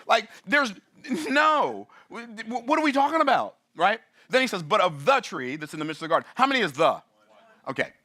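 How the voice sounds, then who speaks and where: A man teaching in a sermon style, animated and playful, asking his audience rhetorical questions. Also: sits high, normal speed. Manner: animated, playful, acts out voices and laughs at his own jokes. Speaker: business teacher.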